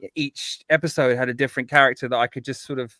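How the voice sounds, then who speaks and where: A man's voice: mid-range voice, fairly even intonation, fast talker, sharp tone, dry recording, clean studio sound. A man, a guest composer talking in a casual interview, eager and rambling with many restarts.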